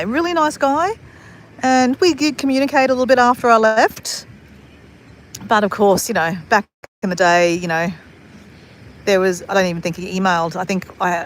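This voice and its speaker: A woman's voice: mid-range voice, slight background noise. A woman in her forties from Australia, chatting casually to camera in a rambling, laughing way. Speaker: vlogger.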